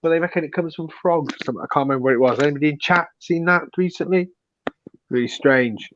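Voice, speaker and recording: A man's voice: a little high, a bit bright, a little hiss or hum. Muffled, dull-sounding man reacting. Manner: quick reactions, laughs often. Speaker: co-host. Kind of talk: casual chat.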